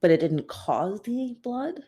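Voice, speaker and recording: A woman's voice: mid-range voice, very animated, slow pace, mellow, breathy edge. A woman playing a tabletop game, asking questions in hesitant speech full of "like". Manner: hesitant, lots of "like". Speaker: player. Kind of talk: casual tabletop game chat.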